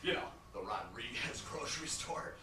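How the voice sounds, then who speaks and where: A man's voice: mid-range voice, lively intonation, moderate pace, voice pushed down, lightly acted. A man doing a rambling chummy lawyer. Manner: rambling, chuckling storyteller. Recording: echoey room, distant mic, noisy.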